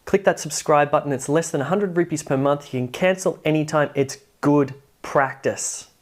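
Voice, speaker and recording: A man teaching English pronunciation in an online lesson, who drills words slowly and adds wry asides. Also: a little high. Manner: emphatic, drills words slowly and repeats them.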